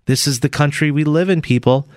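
A man hosting a morning radio show, telling stories and teasing his co-host in animated banter. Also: a little high, fairly quick, no echo, studio quality.

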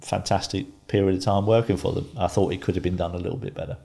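A man in his fifties, a guest on a podcast, telling a story calmly and wryly, often laughing. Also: deep voice, fast talker, creaky. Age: 50s. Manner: calm, wry, laughs while telling a story. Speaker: interview guest.

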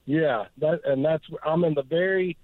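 A man from northeast Georgia, calling in to a radio show and speaking earnestly, with many pauses and fillers. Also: on the high side, no echo. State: emotional. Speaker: caller. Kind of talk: call-in radio chat. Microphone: phone. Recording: tinny phone line, dry.

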